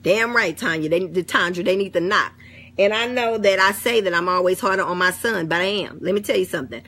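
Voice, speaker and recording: Blunt, bright-voiced middle-aged woman. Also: fairly low pitch, brisk. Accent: African American English, St. Louis. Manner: blunt, outspoken, swears freely. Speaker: vlogger. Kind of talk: casual talk to camera.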